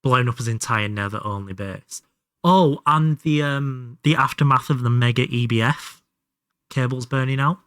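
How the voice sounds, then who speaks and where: A man's voice: medium pitch, moderate pace, a bit bright, clean tone, dry recording, studio quality. A young man with a Hull Yorkshire accent, casually chatting and swearing while playing a game on a live stream. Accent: Hull Yorkshire English. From Hull, England. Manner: chatty, swearing, laughing asides. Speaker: livestream gamer.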